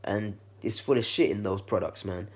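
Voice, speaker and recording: A man with a slightly croaky, congested voice, giving a laid-back how-to demonstration in his kitchen and talking to the viewer like a friend. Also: lowish voice, moderate pace, a little mellow. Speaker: vlogger.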